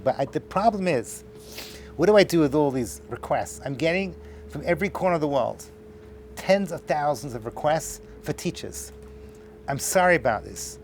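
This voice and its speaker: A middle-aged man lecturing a class, spinning a story and slipping into the voices of its characters with playful asides. His voice sits fairly high for a man. A faint hum of room ambience runs under him. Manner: animated storyteller acting out dialogue, joking asides. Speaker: rabbi teaching a class. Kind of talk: storytelling lecture to a live audience. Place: lecture hall.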